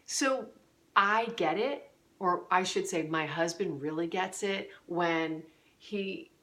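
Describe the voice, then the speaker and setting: Earnest, fairly low-voiced woman coach. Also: takes it slowly, fairly bright tone. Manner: earnest, conversational, many fillers and restarts. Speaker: parenting coach. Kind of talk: direct-to-camera advice talk.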